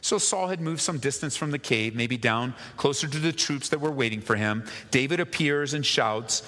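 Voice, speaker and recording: A male pastor preaching a sermon with earnest emphasis, dropping at times to hushed, slow asides. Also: mid-range voice. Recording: long reverb of a large hall.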